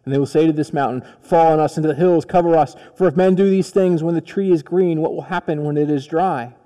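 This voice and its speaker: Man voicing a quiet, grave Jesus, hushed and soft, long hall reverb. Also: a little high, fast, close to an everyday voice. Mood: solemn. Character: solemn, gentle male Jesus figure.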